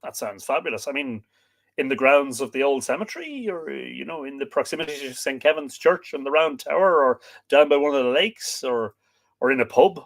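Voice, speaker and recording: A man's voice: mid-range voice, expressive, a little fast, vocal fry. Irish man chatting on a livestream. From Ireland. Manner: chatty, reads out names and greetings with frequent fillers. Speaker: livestream host. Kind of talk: casual livestream chat, reading viewer comments. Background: dog barking at times.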